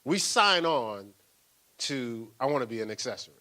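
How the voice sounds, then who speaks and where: An older man, a pastor, preaching a sermon in a lively, playful way with laughter and acted-out asides. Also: medium pitch, normal speed.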